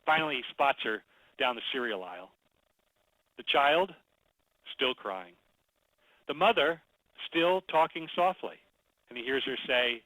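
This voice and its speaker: A man presenting a storytelling webinar in a conversational, animated way, telling a story as he teaches. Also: medium pitch, a little slow, pauses often, no echo, low-quality recording. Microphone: computer mic, webinar audio.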